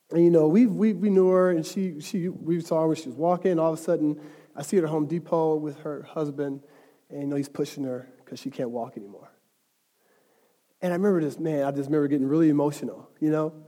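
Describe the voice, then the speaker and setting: A man with a high but mellow voice preaches a sermon to his congregation, speaking in an easy, chatty way before building to passionate, emphatic stretches. A long reverb rings through the church sanctuary.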